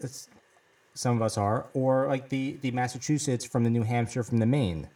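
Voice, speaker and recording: Measured man, somewhat off-mic. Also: medium pitch, warm tone, recorded from a distance. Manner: measured, explanatory, with uh fillers. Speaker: podcast co-host. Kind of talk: casual chat. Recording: voice set back from the mic.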